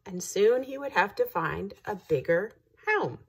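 A woman reads a children's picture book aloud, slow and unhurried. Her voice swoops in a lively, singsong way and has a slightly breathy quality. She keeps pausing to ask the young listeners questions. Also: mid-range voice. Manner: engaging, asks the listeners questions. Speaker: teacher reading to children.

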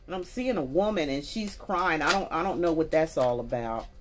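A woman with a deep, low voice reads tarot cards in a loose, chatty, folksy way and speaks right to her viewers. Soft music plays faintly behind her. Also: expressive, normal speed. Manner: chatty, folksy, talks straight to viewers with y'all. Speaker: tarot reader. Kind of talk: casual spoken tarot reading.

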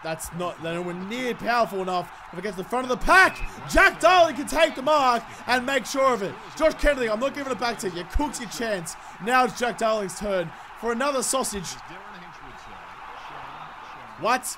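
High-voiced man shouting over gameplay. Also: expressive, a little fast, few pauses, crowd noise. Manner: swears freely, swings between shouting and muttering. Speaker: gaming YouTuber. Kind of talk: excited gameplay commentary.

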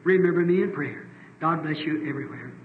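A middle-aged man with a Southern American accent, preaching and praying fervently in a church meeting, his voice climbing to loud exclamations. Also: on the high side, a little fast, a little hiss or hum. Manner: pleading prayer. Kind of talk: sermon prayer and altar call. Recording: old roomy lo-fi tape recording.

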